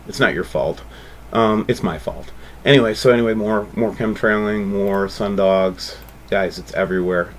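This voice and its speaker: A man hosting a channel, talking casually and excitably over photos, rambling and calling out to viewers. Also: low voice, slight background noise. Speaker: channel host.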